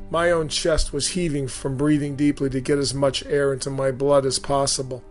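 Man earnestly reading his memoir. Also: a little high. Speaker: storyteller recounting his boot camp.

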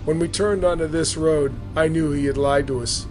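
A man telling his own story in a steady, earnest memoir reading. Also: a little high, moderate pace, music in the background. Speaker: storyteller recounting his boot camp.

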